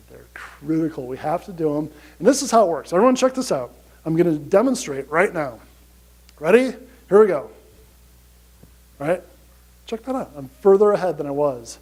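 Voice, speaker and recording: A man giving a motivational conference talk to an audience, energetic and chatty, often asking "right?". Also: high-pitched, poor audio. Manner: energetic, chatty, repeats "you gotta" and "right?". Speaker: conference speaker.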